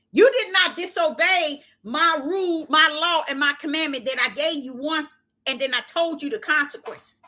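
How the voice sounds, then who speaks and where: A woman preaches an impassioned Bible teaching in a fairly high, bright, forceful voice. She drives each point home with repetition and pointed rhetorical questions, in a steady preacher's cadence. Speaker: self-styled prophetess preaching.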